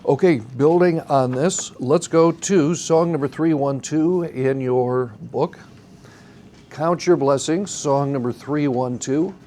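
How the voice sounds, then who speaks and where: A man's voice: medium pitch, slow pace, hardly any pauses, mellow. Man teaching a church singing class. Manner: patient, explains step by step, asks the class questions. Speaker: song leading teacher. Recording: faint background noise.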